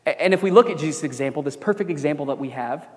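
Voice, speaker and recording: A young man delivers a sermon from the pulpit in a fairly high voice. He is earnest, leaning into emphatic lines and then sinking into quiet, personal confession. His words carry a long reverb from the church sanctuary around him. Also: lively intonation, racing. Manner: earnest, swings from emphatic preaching to quiet confiding. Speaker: pastor.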